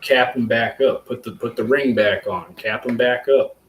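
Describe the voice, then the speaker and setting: A man with a medium-pitched voice speaks at normal speed while hosting a casual live stream about growing mushrooms as a hobby. He rambles loosely, using plenty of fillers and the occasional curse word, in an echoey room with a faint ambient hum.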